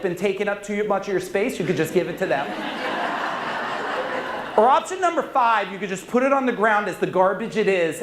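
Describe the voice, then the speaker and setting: An intense, commanding man speaks from a stage, his voice sitting unusually high. He drives the crowd through questions and shouted replies. The sound rings with the echo of a big hall. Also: background noise. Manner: intense, commanding, leads audience call-and-response. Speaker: motivational speaker. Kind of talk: live motivational stage talk. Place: large conference hall with audience. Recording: echoey hall.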